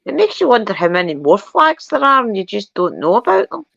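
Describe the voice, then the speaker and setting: A woman's voice: medium pitch, huge pitch swings, brisk, gravelly, fairly bright tone, no room sound, muffled recording. A woman co-hosting a casual live stream, chatty and teasing, reading out viewer questions. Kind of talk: casual chat.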